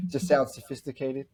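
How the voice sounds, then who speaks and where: A man's voice: mid-range voice, warm tone, breathy edge. A man chatting casually on a podcast, reviewing a horror film in a rambling way, often repeating himself and restarting sentences. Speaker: podcast co-host. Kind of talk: casual movie review chat.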